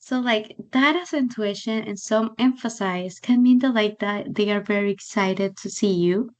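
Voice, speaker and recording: An English teacher, a young woman whose first language is Spanish, chats and laughs while tutoring online, often saying "like" and "so." She speaks in a mid-range voice at normal speed.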